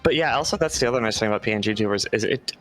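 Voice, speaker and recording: A streamer chatting casually while playing a game, relaxed, full of fillers and casual swearing. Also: male voice, fairly low pitch, racing, faint music behind.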